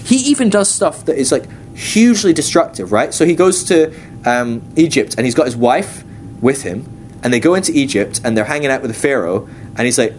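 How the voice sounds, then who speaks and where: A man's voice: medium pitch, sing-song, brisk, darkish tone, slight background noise. A man giving a casual, chatty Bible class, acting out quotes in different voices. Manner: chatty, uses many fillers and acts out quotes. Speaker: teacher at a ministry school. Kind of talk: casual teaching talk.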